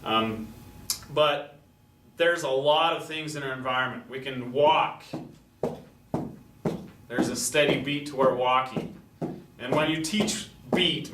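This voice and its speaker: A man showing how to teach a steady beat to young children, explaining patiently step by step. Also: mid-range voice. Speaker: music teacher. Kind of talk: classroom teaching demonstration. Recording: roomy echo from a distant mic with faint noise.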